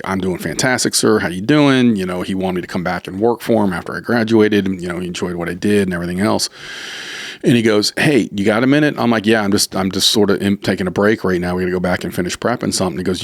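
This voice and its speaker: A middle-aged man with a very low voice tells stories in a casual podcast chat. He is animated and swears freely, stumbling over repeated words and acting out what others said. The mic is close and the sound is dry. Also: no echo. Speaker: chef and barbecue restaurant owner, podcast guest. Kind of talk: casual conversational storytelling.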